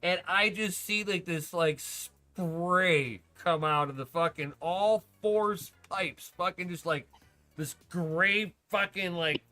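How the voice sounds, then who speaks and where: A man hosting a podcast in casual chat, telling stories excitedly, swearing a lot and laughing often. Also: sits high, slow pace, faint music behind. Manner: profane, excitable storyteller who laughs often. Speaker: podcast host.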